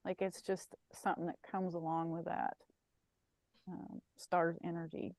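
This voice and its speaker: A woman co-hosting a podcast in casual chat, animated and playful, telling stories with asides. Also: fairly low pitch, unhurried, gravelly, no room sound. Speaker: podcast co-host.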